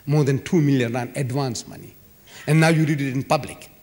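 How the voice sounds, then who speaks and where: A man's voice: medium pitch, steady tone, fairly quick, a little mellow. A man giving an emphatic, dramatic public lecture in a large civic hall, full of repetition and rhetorical flourishes. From South Africa. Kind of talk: public lecture to a live audience. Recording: echoey hall recording.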